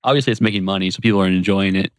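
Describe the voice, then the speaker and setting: Lower-voiced guy on a podcast, halting, lots of likes, dry close sound. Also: dry recording. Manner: hesitant, many fillers like "like". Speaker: podcast co-host. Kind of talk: casual chat.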